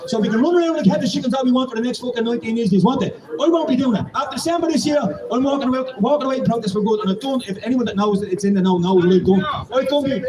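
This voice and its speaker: An Irish man making a profane, impassioned street speech at a protest, rising to shouts. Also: very high voice. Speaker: protest speaker. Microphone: public microphone and PA. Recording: echoey, distant from the mic, loud crowd. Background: crowd.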